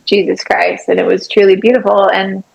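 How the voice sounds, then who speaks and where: A woman guest sharing a faith testimony in conversation, animated and acting out her own prayers with sudden leaps in pitch. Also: normal speed, vocal fry, highs cut off. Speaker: podcast guest, artist and obstacle-course athlete.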